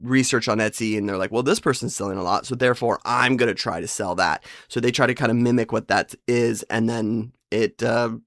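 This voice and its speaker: A man with a gravelly edge and an ordinary mid pitch, talking through a casual podcast monologue. He tells rambling, self-deprecating stories and drops into quick impressions of the people in them. The sound is close and dry. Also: a bit bright, dry recording. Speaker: podcast host.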